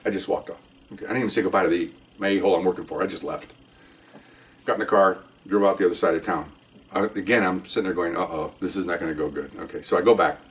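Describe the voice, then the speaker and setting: An older man, a retired police officer, speaks fast in a low voice from far off the mic. He tells a rambling, animated story as a casual monologue, checking in with "okay?" again and again.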